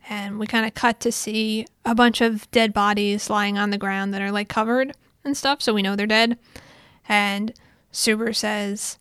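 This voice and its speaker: A woman's voice: medium pitch, steady tone, moderate pace, fairly bright tone, clean tone, dry recording. A woman narrating a casual recap in a chatty way, with sarcastic asides and many fillers, close to the mic. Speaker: anime recap host.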